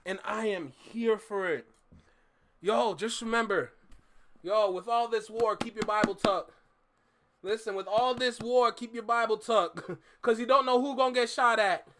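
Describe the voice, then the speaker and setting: A man hosting a music reaction video, giving casual commentary, excitable and breaking into shouts and laughter. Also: high voice, unhurried.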